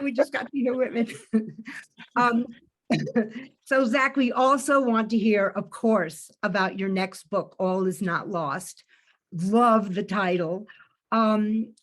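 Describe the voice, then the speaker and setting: A woman co-hosting a video call conversation, enthusiastic and effusive. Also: mid-range voice. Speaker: co-host.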